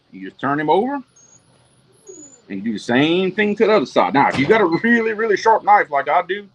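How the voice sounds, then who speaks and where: A man's voice: on the high side, a bit bright. A man from Louisiana with a Southern accent, hosting a casual fishing livestream and talking viewers through each step in a folksy way. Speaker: fishing show host.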